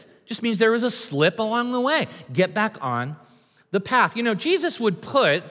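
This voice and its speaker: High, bright-voiced preacher in a reverberant hall. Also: male voice. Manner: emphatic, conversational preaching with dramatized quotes. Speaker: pastor. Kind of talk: sermon.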